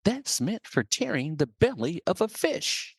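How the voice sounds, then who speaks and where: A man's voice: high-pitched, big pitch swings, unhurried, slightly rough, no room sound, clean studio sound, pitched above the performer's own voice, exaggerated voice. A man voicing a commanding male eagle who mentors a scared young bird, in a told story. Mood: rousing.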